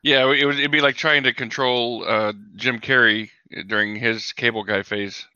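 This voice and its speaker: A man's voice: mid-range voice, fairly even intonation, normal speed, bright, forceful tone, clear, resonant tone, no echo, highs cut off. A man co-hosting a casual podcast chat, rambling and full of "like" and "you know". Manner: rambling, heavy use of "like". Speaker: podcast co-host.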